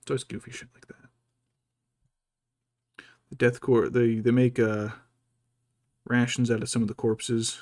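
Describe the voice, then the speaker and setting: A man's voice: mid-range voice, little pitch movement, unhurried, pauses often, darkish tone, dry recording, studio quality. A man chatting casually as he paints miniatures, thinking aloud and muttering to himself. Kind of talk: casual chat while working.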